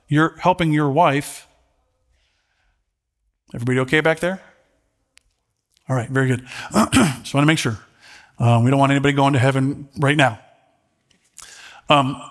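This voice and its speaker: A middle-aged man with a somewhat high voice delivers a sermon. He talks earnestly, often repeating words as he searches for them, and sounds close to tears. When he reads scripture his voice climbs and swells. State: holding back tears. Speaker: pastor.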